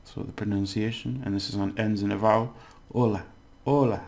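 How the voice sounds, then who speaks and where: A man giving a casual language lesson, explaining slowly and repeating words, with many fillers. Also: on the low side, level tone, gravelly. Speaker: language teacher.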